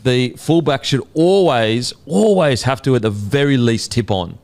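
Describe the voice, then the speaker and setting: A man with an Australian accent hosting a casual sports podcast, animated and swearing, full of fillers. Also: mid-range voice, unhurried. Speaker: podcast host.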